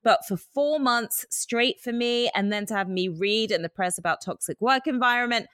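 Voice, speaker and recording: A woman from England with an English accent that has picked up a slight American twang, co-hosting and chatting casually, quick to laugh. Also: fairly high pitch, clear, resonant tone, no echo, clean studio sound. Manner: chatty, laughs often, animated storytelling. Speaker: podcast co-host reading news. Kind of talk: casual chat.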